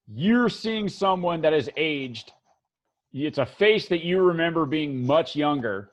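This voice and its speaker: A man narrating as game master of a tabletop game, halting with many fillers and restarts. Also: a little high, expressive, lo-fi sound.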